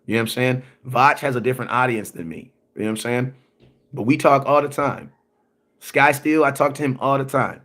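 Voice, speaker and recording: A man's voice: mid-range voice, steady tone, fairly quick, a bit bright. A man in a mid-range voice hosts a sports livestream and rants with force. He repeats his points over and over in slangy talk. He keeps checking in with his viewers and answers their comments as they arrive. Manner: emphatic and repetitive, slangy, often asks "you know what I'm saying". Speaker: sports content creator hosting a livestream. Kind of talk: animated livestream rant.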